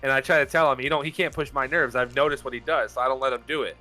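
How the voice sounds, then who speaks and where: A man's voice: mid-range voice, steady tone, rapid-fire, bright, forceful tone, soft background music, poor audio. A man co-hosting a casual gaming podcast, teasing a friend with swearing banter. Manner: teasing, profane, banter-heavy. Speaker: podcast co-host.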